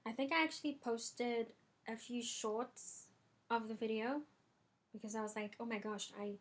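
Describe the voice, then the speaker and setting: A woman's voice: a little high, steady tone, moderate pace. A young woman talking casually in a music review vlog, chatty and full of filler ums, recorded in her bedroom. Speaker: vlogger. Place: bedroom at home.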